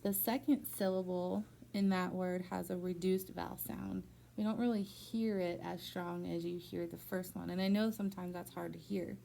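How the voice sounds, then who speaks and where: A woman teacher giving a patient one-on-one phonics lesson in a school room, slowly stretching out words to model their syllables. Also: on the low side, flat delivery, vocal fry, mellow, slight background noise.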